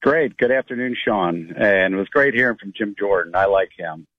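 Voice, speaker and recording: A man's voice: on the low side, normal speed, no echo. A man from Pennsylvania calling a radio show, talking at length in a plain-spoken, puzzled way. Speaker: caller. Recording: phone line.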